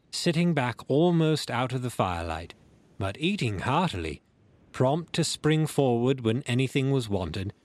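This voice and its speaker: Slow, expressive male audiobook narrator. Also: medium pitch, no echo. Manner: measured, expressive reading. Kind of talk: storybook reading.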